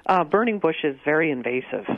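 A man's voice: a little high, lively intonation, brisk, dry recording. A man answering gardening questions on a call-in radio show, hesitant with many ums and dry asides. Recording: muffled radio broadcast audio.

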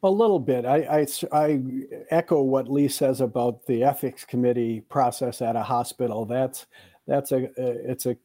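Mellow-voiced male guest, wry and stammering. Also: medium pitch, moderate pace, no echo. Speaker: expert guest. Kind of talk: expert advice on a call-in show.

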